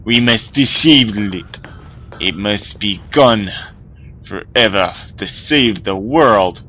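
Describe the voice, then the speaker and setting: A man's voice: low-pitched, huge pitch swings, slow pace, vocal fry, background noise, pitched below the performer's own voice, exaggerated voice. A man faking a grave mock-Russian commander. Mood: mock-solemn. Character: grave male commander with fake Russian accent.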